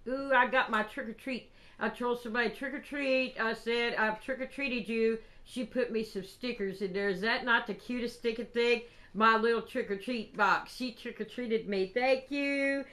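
A woman chatting casually while unboxing craft gifts, gushing and excitable with drawn-out exclamations. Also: fairly high pitch. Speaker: crafting vlogger.

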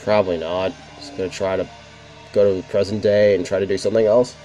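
A let's play host talking through a puzzle, cursing as he goes. His voice is on the low side, with faint game music in the background. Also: level tone, quick pace, mellow. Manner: frustrated, cursing, chatty. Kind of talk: casual gameplay commentary.

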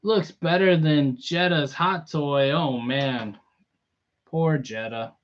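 Laid-back guy unboxing toys on a stream, chatty, talks slow, kinda muffled audio. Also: on the high side. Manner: relaxed, chatty, greets viewers by name. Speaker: toy collector live-streaming an unboxing. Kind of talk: casual live-stream chat.

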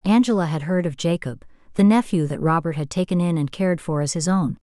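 A woman narrates an audiobook in a steady, measured reading voice. Her pitch sits on the low side, and the sound is dry and close, with no room around it. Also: no room sound. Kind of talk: scripted narration.

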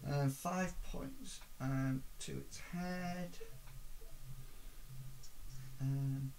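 A man running a tabletop role-playing game as its game master. He talks slowly and haltingly, filling his gaps with ums and sort-of-likes while he describes the action. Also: medium pitch, darkish tone, a little hiss or hum. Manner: halting, many ums and hedges.

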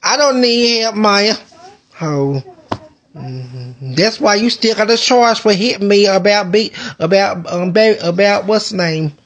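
A woman's voice: mid-range voice, lively intonation, measured pace. Rambling, profane woman live-streaming from home. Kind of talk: casual live-stream chat. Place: indoors at home.

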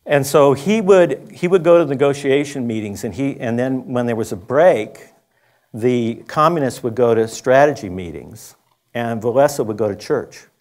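A man's voice: medium pitch, expressive, moderate pace, darkish tone. A man giving a conference lecture, telling an anecdote in a loose, conversational way, with restarts and asides. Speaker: conference speaker. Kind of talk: storytelling lecture. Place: school conference talk.

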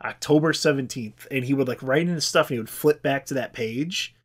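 A man's voice: medium pitch, brisk, breathy edge. A man hosting a podcast, telling a history story in a loose, profane, chatty way. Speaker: podcast host. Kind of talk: casual storytelling.

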